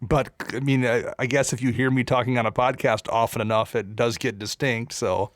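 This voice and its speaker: A man's voice: medium pitch, steady tone, a little fast, dry recording, studio quality. A man co-hosting a podcast in casual chat, rambling with lots of fillers and self-deprecating asides. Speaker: podcast co-host.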